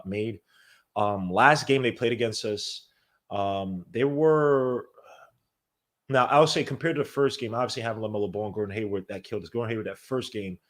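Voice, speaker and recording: A man hosts a live basketball watch-along, talking in a somewhat low voice. He is animated and casual and breaks off his analysis to shout out viewers by name. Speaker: podcast host.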